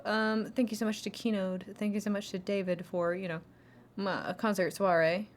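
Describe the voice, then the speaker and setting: A young woman talks on stream in a loose, rambling way, stumbling over words and restarting often, breaking into small giggles. Her voice sits at a middle pitch, and a faint room ambience hums underneath. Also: little pitch movement, normal speed, a little hiss or hum. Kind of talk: casual chat.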